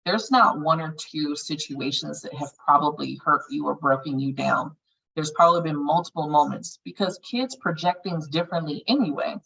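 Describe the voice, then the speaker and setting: A woman's voice: low-pitched, normal speed, gravelly, a bit bright, slightly rough, recorded from a distance, dull audio. A woman leading a healing circle, talking casually and frankly about meditation, swearing freely as she goes. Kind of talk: casual group guidance on meditation.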